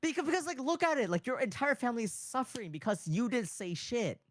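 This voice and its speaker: A young woman in casual chat, excitable and teasing, often restarting her sentences. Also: a little high, quick pace, no room sound, studio quality. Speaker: streamer guest.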